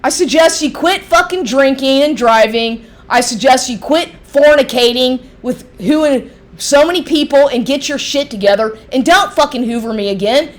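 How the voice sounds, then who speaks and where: A middle-aged woman ranting angrily into the camera, profane, heated and sarcastic, mocking the man she addresses. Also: sits high. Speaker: vlogger. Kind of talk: angry ranting monologue.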